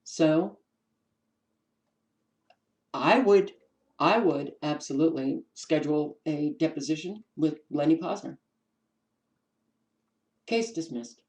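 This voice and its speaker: A woman with a New York accent, hosting her own channel and giving casual commentary as she reads from documents, pausing with ums and restarting words. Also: sits low, a little mellow, low-quality recording. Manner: unhurried, stops to restart words, many ums. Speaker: channel host.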